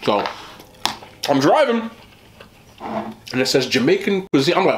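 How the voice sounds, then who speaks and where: A man's voice: fairly high pitch, big pitch swings, unhurried, a little hiss or hum. Man chatting while eating, echoey room. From West Indian family. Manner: chatty, talks with mouth full. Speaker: mukbang host. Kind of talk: casual eating vlog chat.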